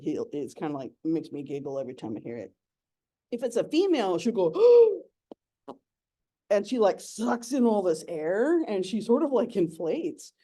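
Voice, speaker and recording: A woman's voice: on the low side, warm tone. A young adult woman giving a playful, giggly nature talk as an educator.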